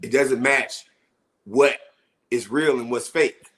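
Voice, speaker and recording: A man co-hosting a casual podcast chat, arguing in an animated way and asking rhetorical questions. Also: medium pitch, slow pace. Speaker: podcast co-host. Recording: roomy echo.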